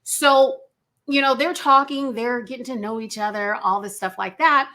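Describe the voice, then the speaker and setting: A woman casually recapping a TV series at home, chatty and animated, tossing in filler asides as she retells the story. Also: on the high side, normal speed. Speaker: show recap reviewer. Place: home room by a glass sliding door.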